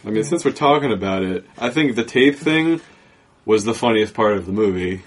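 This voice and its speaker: A man's voice: lowish voice, expressive, normal speed. A man in a casual movie discussion, dry and teasing.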